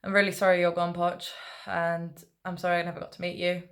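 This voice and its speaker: A young woman chatting into her vlog in a relaxed, rambling way, stopping often for fillers and asides. Her voice sits on the low side with a gravelly edge. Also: quick pace. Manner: rambling, laid back, many fillers. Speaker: football fan vlogger. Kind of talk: casual vlog chat.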